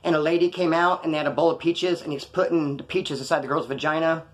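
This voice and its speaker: A man's voice: a little high, fairly even intonation, quick pace. A man telling a story from his past in a casual, profane, slang-filled way, acting out the voices of the people in it. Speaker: storyteller talking to camera.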